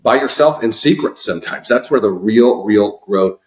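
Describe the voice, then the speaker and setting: A man's voice: on the low side, lively intonation, moderate pace. A man hosting a podcast, asking questions and giving motivational reflections, stressing key phrases. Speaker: podcast host. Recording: echoey room.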